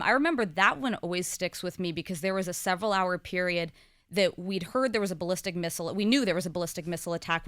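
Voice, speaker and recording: A woman in her thirties talks through her experiences in a candid, conversational podcast chat. Her voice sits fairly low and sounds smooth and clear. It is recorded close and dry, with no room sound. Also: fairly bright tone, no room sound. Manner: candid and quick, with frequent laughs and fillers. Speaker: co-host and guest.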